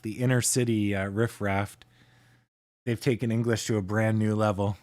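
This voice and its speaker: A man from Canada hosting a casual livestream, chatting with his viewers in a relaxed way and chuckling often. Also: lowish voice, normal speed. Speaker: livestream host.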